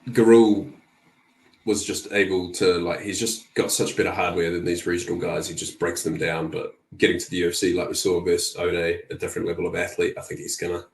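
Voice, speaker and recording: A man who is a guest on a casual betting podcast, talking through his picks in a relaxed way that is full of "um" and "like.". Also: low-pitched, fairly quick, echoey room. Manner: relaxed, lots of "um" and "like".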